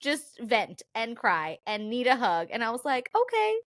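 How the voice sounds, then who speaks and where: A woman's voice: on the high side, a little slow, no room sound. Chatty woman co-host, dry close sound. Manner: chatty, laughs often, animated retelling. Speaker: podcast co-host. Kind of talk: casual chat.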